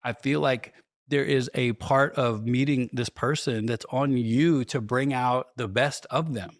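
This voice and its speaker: A man in his forties on a podcast, pushing back with folksy, animated talk. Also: medium pitch, measured pace, no room sound. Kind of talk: casual podcast conversation.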